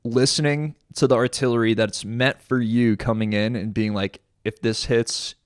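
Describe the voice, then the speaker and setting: Male veteran, mid-pitched, lively slangy raconteur, dry close recording. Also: moderate pace, no echo. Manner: animated storyteller, slang like "dude", laughs a lot. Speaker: military veteran telling war stories. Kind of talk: casual podcast storytelling.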